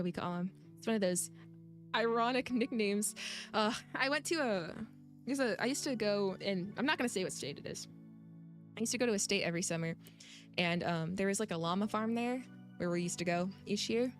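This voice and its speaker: A woman's voice: mid-range voice, a little fast, faint music behind. A woman streamer chatting casually with her viewers and reading game text aloud, giggling often and rambling.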